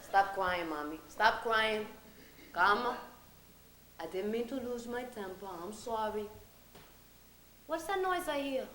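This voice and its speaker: A woman playing a loud, gossipy older woman who scolds and minds a small child, in a one-woman stage comedy. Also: a little high, animated, echoey room, a little hiss or hum. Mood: soothing. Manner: brash, scolding, quick-tempered. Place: theater stage.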